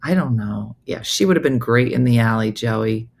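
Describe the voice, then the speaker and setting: A woman comedian with a low, gravelly voice hosts a casual morning show. She tells her story in a chatty, animated way and keeps breaking off for quick asides. The tone is loose and conversational throughout.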